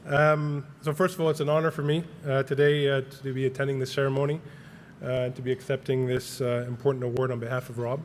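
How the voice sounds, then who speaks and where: A man reading a prepared award acceptance speech on behalf of a colleague, halting with many filler words. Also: mid-range voice, little pitch movement, slight background noise. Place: large banquet hall.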